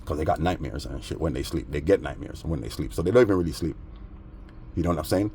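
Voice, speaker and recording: A man's voice: rumbling low, expressive, fast, mellow, slight background noise. A man rambling through a story in casual street slang, aggrieved and agitated. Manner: streetwise, peppered with "man" and "bro". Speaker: vlogger.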